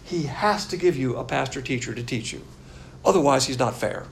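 Gravelly, scornful older man lecturing on scripture. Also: mid-range voice, brisk, a little hiss or hum. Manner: blunt, scornful, animated lecturing. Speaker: pastor teacher. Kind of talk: classroom Bible teaching.

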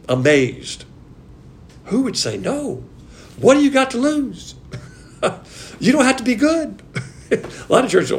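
A man preaching in a lively, conversational way, his voice pitched a little high and swinging up and down as he presses each point. A faint hiss and low rumble sit under the recording. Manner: animated, emphatic, conversational, with frequent laughs. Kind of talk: sermon.

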